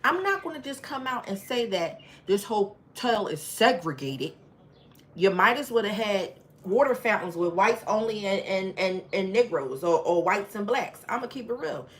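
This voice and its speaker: A woman's voice: mid-range voice, lively intonation, moderate pace. A woman hosting a storytime livestream. She tells her story in an emphatic, frank way and talks straight to her viewers. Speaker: channel host.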